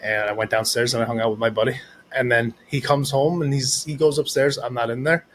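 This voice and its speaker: A man's voice: mid-range voice, fairly even intonation, a little fast, a bit bright. A laid-back man hosting a podcast, trading casual stories and laughing easily. A faint hum of ambient noise sits behind his voice. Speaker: podcast host. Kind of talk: casual chat.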